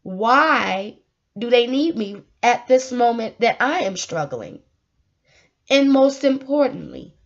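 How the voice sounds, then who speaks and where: A woman with a fairly high voice vlogs to her viewers, earnest and preachy, laughing often between points. The recording sounds dull and lo-fi. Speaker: vlogger giving life advice. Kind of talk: casual emotional monologue.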